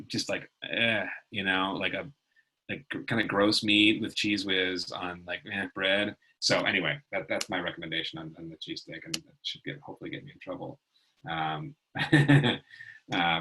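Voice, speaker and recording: Guy teaching online, husky low voice, chatty and rambly. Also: normal speed, sharp tone, rough recording. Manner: chatty, rambling, filler-heavy. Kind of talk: casual online lesson.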